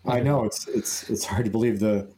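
An older man co-hosts a casual podcast. He tells his stories haltingly, stopping on fillers and chuckling along the way. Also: lowish voice, fairly even intonation, dark tone. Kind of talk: casual chat.

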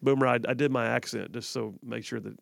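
A man's voice: mid-range voice, steady tone, fast, gravelly, dry recording. A man hosting live talk radio from a studio, chatty and joking, often repeating himself. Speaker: radio talk show host. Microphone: studio microphone.

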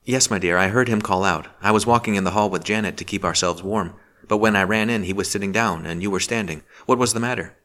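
A man's voice: fairly low pitch, fast talker, a bit bright, natural voice. A man reading the part of a chatty, fussy woman companion.

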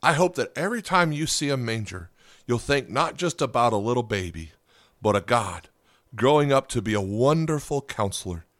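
A man's voice: mid-range voice, lively intonation, normal speed, a bit bright, no room sound, clean studio sound. Man preaching a chatty podcast sermon. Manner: conversational, asks the listeners questions. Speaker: pastor.

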